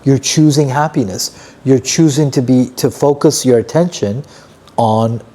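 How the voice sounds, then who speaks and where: A man's voice: medium pitch, a little slow, dark tone. A man co-hosting a podcast who talks earnestly, almost preaching, about positivity and gratitude. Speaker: podcast co-host. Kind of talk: casual podcast chat.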